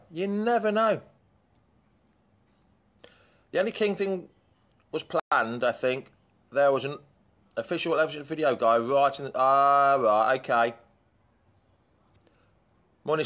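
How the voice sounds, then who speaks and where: A man's voice: fairly high pitch, animated, normal speed, long pauses, a bit bright. A man hosting a live fan chat show in a chatty, rambling way, breaking off to greet commenters.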